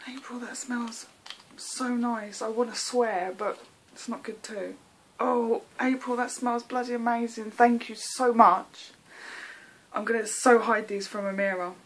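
A woman's voice: a little high, steady tone, a little slow, a little hiss or hum. An English woman vlogging an unboxing, gushing with thanks in casual chat. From England.

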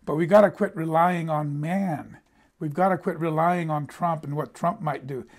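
At a moderate pace and with fairly even intonation, an older American man with a rather high voice delivers a sermon. His personal stories come out conversationally, with words repeated as he restarts sentences.

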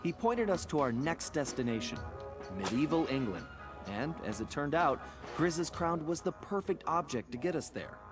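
A lively suave raccoon thief narrating. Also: male voice, on the high side, normal speed. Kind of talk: scripted story narration. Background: game music.

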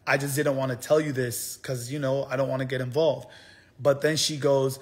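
A man's voice: medium pitch, flat delivery, normal speed. A young man telling a heated story on a livestream, swearing often and repeating himself as he rants. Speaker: streamer.

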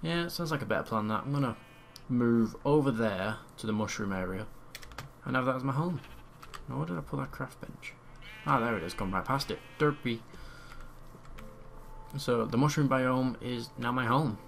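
A man's voice: mid-range voice, normal speed, vocal fry, a little hiss or hum. A young man giving casual commentary on his own gameplay, chatty and muttering repeated words to himself as he plays. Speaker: let's play gamer. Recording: home mic with loud keyboard typing. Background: keyboard typing.

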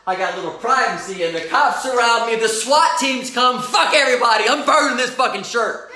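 A man talking in an unscripted vlog from his home garage, brash, loud and hyped, swearing constantly. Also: very high-pitched, brisk, background noise. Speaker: mindset coach and vlogger. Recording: roomy garage echo.

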